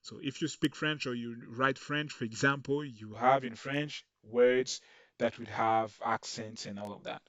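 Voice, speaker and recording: A man's voice: mid-range voice, steady tone, a little slow, a bit bright, dry recording, far from the mic, highs cut off. A man teaching a screen-recorded coding lesson, explaining patiently and checking in with "okay" along the way. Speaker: coding tutorial instructor.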